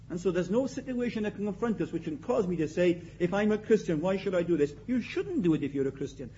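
A man preaching a sermon in an emphatic way, repeating his key phrases and swinging between loud and quiet. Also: high-pitched, muffled recording, slight background noise.

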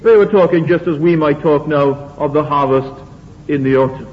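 A man's voice: on the high side, moderate pace. Man, sermon, earnest, repetitive, long echo, lo-fi sound. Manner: earnest, repetitive, asks the congregation rhetorical questions. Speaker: preacher. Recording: dull, lo-fi recording in a reverberant hall.

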